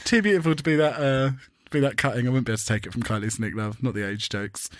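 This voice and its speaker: A British man co-hosting a chatty podcast, camp and sarcastic, with quick bursts of mimicry. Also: medium pitch, no echo, clean studio sound. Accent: British English. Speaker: podcast co-host. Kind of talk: casual chat.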